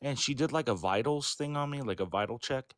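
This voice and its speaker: A man being interviewed, telling a personal story in a rambling, halting way, full of fillers and self-corrections. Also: medium pitch, dry recording, studio quality. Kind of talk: casual storytelling.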